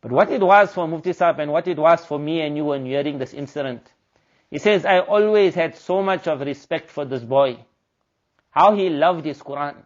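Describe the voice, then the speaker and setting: A man's voice: fairly high pitch, dull audio. A man preaching a sermon, telling a story earnestly and mixing in Arabic and Urdu religious terms. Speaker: Islamic preacher.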